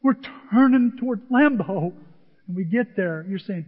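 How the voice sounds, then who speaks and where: A man in his sixties delivers a sermon as a lively, emotional personal story. His voice sits high for a man. The recording is a little muffled, with a long echo from a large hall. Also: normal speed, husky. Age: 60s. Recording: echoey hall, dull lo-fi sound.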